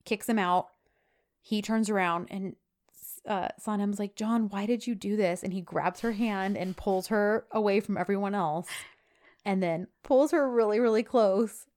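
A woman's voice: medium pitch, a little slow. A woman casually recapping a TV episode, animatedly acting out the characters' lines as she tells the story. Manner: animated storyteller, switches into quoted dialogue. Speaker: podcast co-host recapping a TV episode. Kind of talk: casual chat, retelling scenes with quoted lines.

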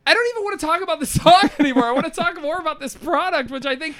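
A podcast co-host chatting casually and playfully, laughing often. The voice swings widely in pitch and drops casual swearing. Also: animated, very fast, a bit bright. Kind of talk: casual chat.

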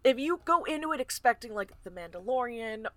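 A woman's voice: on the high side, animated, fairly quick, fairly bright tone, no room sound. A young woman co-hosting a casual podcast, blunt and opinionated, with lots of fillers. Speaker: podcast co-host. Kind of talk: casual chat.

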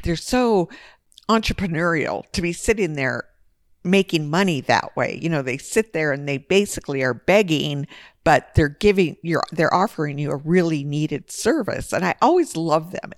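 A woman co-hosting a podcast, telling a personal story in a casual, lively way with big jumps in pitch. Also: gravelly, no echo, studio quality. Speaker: podcast co-host.

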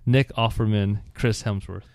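A man's voice: lowish voice, fairly even intonation, unhurried, a little mellow, dry recording. A man co-hosting a podcast, running through a list in playful, teasing chat. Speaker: podcast co-host. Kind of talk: casual chat.

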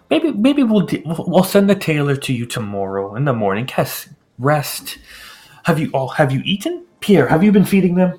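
Playing a pompous, fussy noble lord in a tabletop game, a man speaks in a slow, theatrical aristocratic drawl. His voice is fairly high and sing-song, with a darkish tone.

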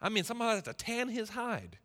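A young man preaches with passion in a church sanctuary, his voice very high and ringing bright. He uses folksy turns of phrase and swings widely in pitch, and a long hall reverb trails his words. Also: big pitch swings, quick pace. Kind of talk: sermon.

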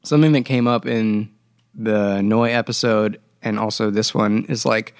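Gravelly-voiced man in casual chat. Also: lowish voice, steady tone, normal speed, no echo, clean studio sound. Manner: rambling storyteller, laughs often. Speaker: band member podcast host.

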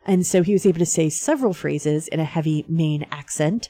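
A woman's voice: sits low, moderate pace, few pauses, mellow, dry recording. A woman hosting a radio show, talking casually with many fillers and small laughs. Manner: chatty, frequent fillers and laughs.

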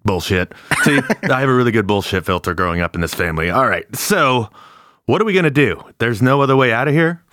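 A man playing a tabletop game, loud and joking, swearing a lot. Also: mid-range voice, lively intonation, quick pace, no room sound, clean studio sound. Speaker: player.

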